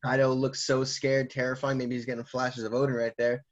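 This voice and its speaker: A manga reviewer casually recaps a comic chapter, laughing and animatedly acting out the characters' lines as he goes. His voice is mid-range and brisk, and the sound is lo-fi.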